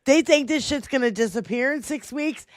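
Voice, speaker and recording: A woman hosting a political livestream talk show, profane and impassioned, sometimes shouting. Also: high voice, normal speed, no room sound, studio quality.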